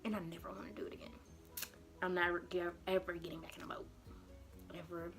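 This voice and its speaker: Animated young woman telling a story. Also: fairly low pitch, fairly quick, creaky, soft background music. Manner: animated, dramatic retelling; acts out her panicked past self in quotes. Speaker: vlogger. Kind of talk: storytime vlog.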